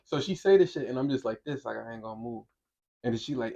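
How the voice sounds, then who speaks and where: A young man from Brooklyn, telling a wild story on a podcast in a casual, profane, animated way. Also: medium pitch, fast, vocal fry, highs cut off. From Brooklyn, New York. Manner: animated, profane, acts out voices in quotes.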